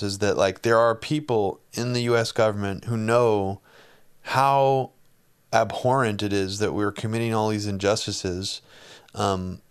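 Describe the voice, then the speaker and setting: Halting, supportive male interviewer. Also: fairly low pitch, clear, resonant tone. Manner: halting, restarts often, supportive. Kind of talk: casual interview conversation.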